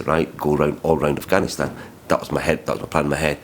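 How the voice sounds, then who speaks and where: A man's voice: rumbling low, flat delivery, racing, few pauses, a little hiss or hum. A man vlogging about his travels, talking in a rambling, heated way with plenty of swearing and restarts. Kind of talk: vlog storytelling.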